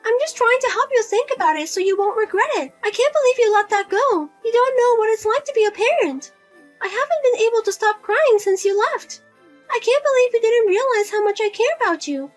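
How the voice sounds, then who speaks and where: A woman's voice: extremely high pitch, animated, brisk, soft background music. A woman voicing a whiny, nagging older mother. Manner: nagging, whiny, guilt-tripping. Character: spendthrift widowed mother, pushy and self-pitying. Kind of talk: narrated drama story.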